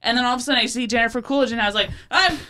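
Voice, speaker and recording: Bright, rambling woman storyteller. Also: a little high, steady tone, racing, clear, resonant tone. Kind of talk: casual chat.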